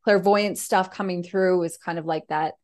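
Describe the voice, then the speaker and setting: Woman, podcast host, affirming interviewer, slightly low voice. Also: fairly even intonation, normal speed, darkish tone. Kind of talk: casual interview conversation.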